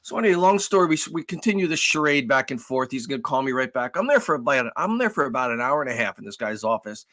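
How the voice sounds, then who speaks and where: A man co-hosting a podcast, telling a long story in a casual, animated way with lots of swearing. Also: mid-range voice, fast talker, hardly any pauses. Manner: animated, profane, acts out raised voices. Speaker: podcast co-host.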